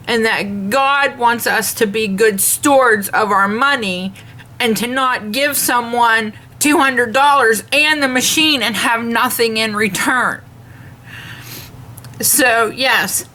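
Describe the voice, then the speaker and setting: Slow, earnest woman vlogger. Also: fairly high pitch, bright, forceful tone. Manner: earnest, measured, retells dialogue in detail; devout, speaks of faith. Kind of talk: complaint rant to camera.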